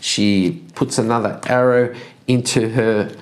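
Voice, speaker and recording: Guy narrating his solo rpg, slow and rambling, counts squares out loud. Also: mid-range voice, steady tone. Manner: chuckling, rambling, counts moves aloud. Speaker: solo tabletop game player and narrator. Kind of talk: casual narration of a solo tabletop game.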